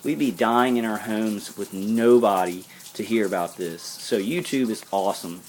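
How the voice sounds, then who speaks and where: Man, lowish voice, earnest rambling vlog monologue, faint background noise. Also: moderate pace, a little mellow. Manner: rambling, earnest, frequent restarts and asides. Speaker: vlogger. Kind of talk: casual monologue to viewers.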